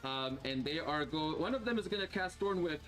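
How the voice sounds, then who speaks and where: A man runs a tabletop game as game master, his voice sitting a little high for a man. He narrates in an animated, rambling way, full of "like" and quick laughs, over faint background music. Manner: animated, laughs often, fills with "like" and "uh".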